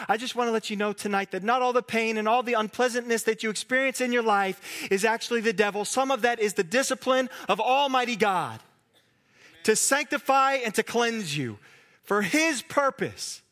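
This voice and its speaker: High-voiced earnest male preacher. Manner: earnest preaching, drops to a soft hush at times. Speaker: pastor. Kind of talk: sermon.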